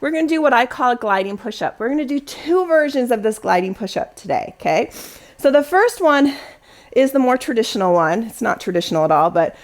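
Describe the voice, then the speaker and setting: A woman's voice: a little high, expressive, a little fast. A woman leading a Pilates class, giving cues and counting reps down in an encouraging way. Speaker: Pilates instructor. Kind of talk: guided workout instruction with counting.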